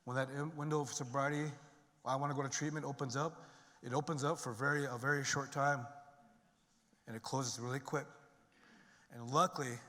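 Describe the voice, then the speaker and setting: A man's voice: medium pitch, steady tone, moderate pace, long pauses, fairly bright tone. A middle-aged man giving a personal testimony talk, conversational with many fillers and restarts. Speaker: speaker sharing his recovery story. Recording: long reverb of a large hall.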